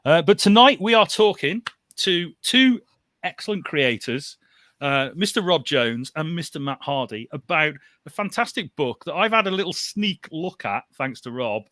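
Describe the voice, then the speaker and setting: A man's voice: a little high, animated, normal speed, sharp tone, dry recording. A man hosting a live comics podcast over a video call, chatty and laughing often. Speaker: podcast host. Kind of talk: casual live show chat.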